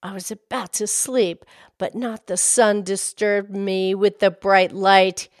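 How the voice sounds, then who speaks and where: A woman's voice: mid-range voice, little pitch movement, takes it slowly, dry recording, natural voice. Storybook: a woman doing a domineering, greedy wife with a dry close sound. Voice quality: imperious and insistent. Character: greedy, demanding fisherman's wife turned pope.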